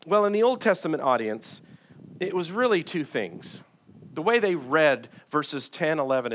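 A male pastor delivers a sermon in a church sanctuary, his pitch rising and falling in a lively, animated way. He moves between forceful, raised passages and hushed, quiet ones while reading scripture aloud. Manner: preaching with dramatic swings in loudness, reading scripture aloud.

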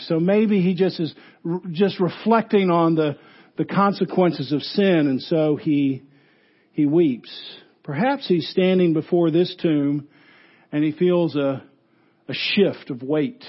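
High, husky preaching man. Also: slow, muffled recording. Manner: earnest, swells for emphasis then drops low and soft. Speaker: pastor. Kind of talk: funeral sermon.

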